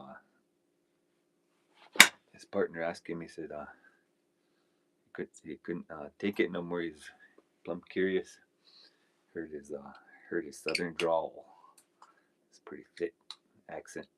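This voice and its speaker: A man hosting a live stream, chatting casually and telling rambling folksy stories while he works, laughing often. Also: sits low. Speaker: livestream host.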